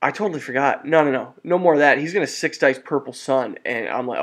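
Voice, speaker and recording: Excitable man recapping a tabletop battle. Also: mid-range voice, fairly quick, hardly any pauses. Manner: rambling and excitable, often restarts and corrects himself; mild cursing and exclamations. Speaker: tabletop wargame battle report presenter. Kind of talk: casual play-by-play narration over photos.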